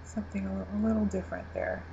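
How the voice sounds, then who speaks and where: A woman co-hosting a casual TV recap chat, giggling often and pausing with ums and restarts. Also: mid-range voice, very animated, creaky, dark tone, dull audio, a little hiss or hum. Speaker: podcast co-host.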